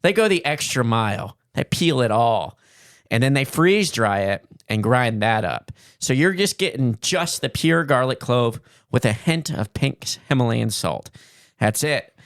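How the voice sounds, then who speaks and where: A man co-hosting a podcast in an easygoing, chatty way, ad-libbing a sponsor spiel with plenty of fillers. His voice sits at an ordinary middle pitch. The sound is close and dry, with no room around it. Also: lively intonation, measured pace, dry recording. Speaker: podcast co-host. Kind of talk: casual chat and sponsor read.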